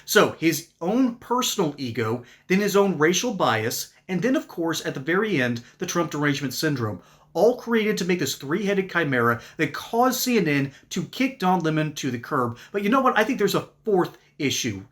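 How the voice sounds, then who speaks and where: A man's voice: on the high side, sing-song, moderate pace, fairly bright tone. A man giving sarcastic, mocking political commentary in an opinion monologue. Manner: reads ad copy.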